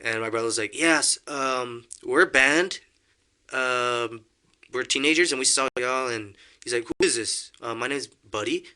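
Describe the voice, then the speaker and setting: Young guy spinning a funny story, super bright voice, does little voices for people. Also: mid-range voice, unhurried, smooth. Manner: animated storyteller, acts out quotes, laughs often. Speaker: podcast guest. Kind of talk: casual storytelling.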